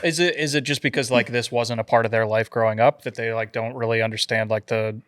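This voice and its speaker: A woman's voice: a bass voice, steady tone, fast talker. A woman co-hosting a podcast asks short, probing follow-up questions in a casual chat.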